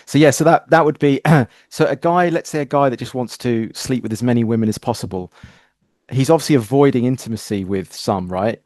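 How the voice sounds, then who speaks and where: Animated man telling stories, dry close sound. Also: medium pitch, no room sound. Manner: animated storytelling, acts out quoted exchanges. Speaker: podcast host. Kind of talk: casual conversational interview.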